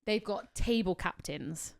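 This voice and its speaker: A woman co-hosting a podcast, telling animated stories and swearing freely in casual chat. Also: on the low side, a little slow, vocal fry. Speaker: podcast co-host, wedding worker.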